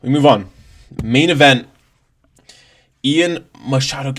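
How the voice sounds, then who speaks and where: A man's voice: medium pitch, expressive, moderate pace. A man ranting through a casual reaction to a fight, swearing, laughing and leaning on "like" and "bro". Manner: profane, exasperated, laughing, heavy on "like" and "bro". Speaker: MMA commentator vlogger.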